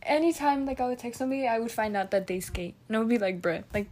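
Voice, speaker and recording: A young woman chats casually about dating in a slightly high voice, full of fillers and sarcastic asides. She laughs easily and keeps the talk loose and informal. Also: very fast, darkish tone.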